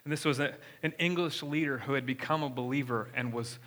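A man's voice: medium pitch, brisk, a bit bright. A young man preaching a sermon in a church, talking conversationally and asking the congregation questions. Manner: conversational, engages the room with questions. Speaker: pastor. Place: church sanctuary.

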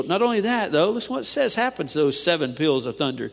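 A male pastor preaching a sermon, asking "amen?" often and swinging between loud declarations and hushed lines. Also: fairly high pitch, sing-song, fast, gravelly, hardly any pauses. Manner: preachy call-and-response with frequent "amen?". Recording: long hall reverb.

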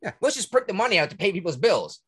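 Husky, fired-up man ranting. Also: high-pitched, quick pace. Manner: profane, indignant, animated. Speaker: podcast host. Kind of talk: heated casual rant.

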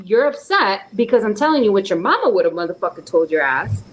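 A woman guest on a casual podcast, ranting in a profane, animated way and mixing in Spanish slang. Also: mid-range voice, fast talker, slight background noise, poor audio.

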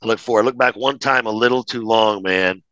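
A man's voice: fairly low pitch, fast, no room sound, muffled recording. A man telling a story on a podcast in a casual way, swearing freely and acting out each exchange. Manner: animated, profane, acts out every exchange. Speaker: guest.

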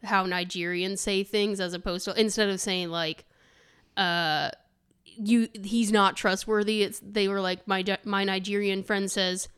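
A woman's voice: medium pitch, steady tone, measured pace, fairly bright tone, smooth. A young American woman co-hosting a podcast, reading a scripted ghost-story opening and then chatting casually in rambling, restarting sentences. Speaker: podcast co-host.

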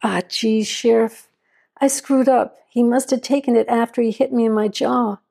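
A woman voicing a young male deputy who is hurt and apologetic, speaking in a halting, shaky voice as she reads the story aloud. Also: fairly high pitch, fairly even intonation, vocal fry, mellow, husky, pitched above the performer's own voice. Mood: pained. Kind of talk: audiobook reading.

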